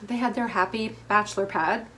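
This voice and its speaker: A woman's voice: medium pitch, fairly even intonation, moderate pace, very noisy. A middle-aged woman from the United States hosting a casual TV recap, chatty and opinionated with lots of fillers. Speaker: host.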